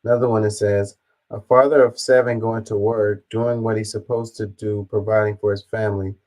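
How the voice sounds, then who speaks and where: A man with a fairly low voice reacts to news in a loose, casual way. He reads viewer comments aloud and answers them bluntly, dropping the odd swear word. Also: level tone, normal speed, darkish tone, rough recording.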